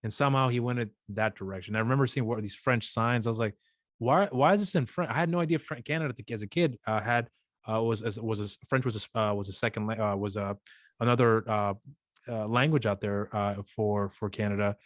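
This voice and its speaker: A man's voice: lowish voice, fairly even intonation, quick pace, dry recording, studio quality. A man co-hosting a podcast, chatting casually and telling a long rambling story with acted-out voices. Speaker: podcast co-host. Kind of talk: casual chat.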